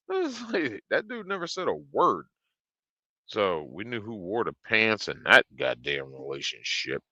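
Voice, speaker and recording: Brief: blunt, profane male streamer spinning a story, bright and animated. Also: on the low side, dry recording. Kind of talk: casual storytelling.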